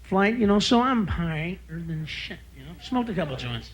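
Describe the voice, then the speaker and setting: A man's voice: fairly high pitch, big pitch swings, normal speed, a crowd in the background. A man performing a stand-up routine, ranting and bursting into shrieking screams. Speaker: stand-up comedian.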